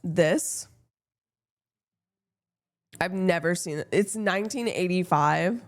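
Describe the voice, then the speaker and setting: A woman's voice: fairly low pitch, slow pace. Blunt, swearing woman streamer. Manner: blunt, swears freely, playful teasing. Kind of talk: casual chat with viewers.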